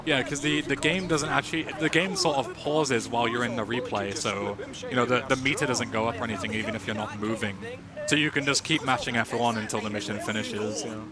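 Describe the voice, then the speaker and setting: An English man commentating his own speedrun at a live charity marathon, relaxed and chatty with lots of fillers. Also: mid-range voice, brisk. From England.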